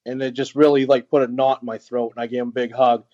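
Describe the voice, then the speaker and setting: A man, a veteran, telling a personal story as an interview guest, earnest and halting, with frequent pauses and restarts. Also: mid-range voice, little pitch movement, dark tone, highs cut off. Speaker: guest, veteran who runs an outdoor organization for veterans.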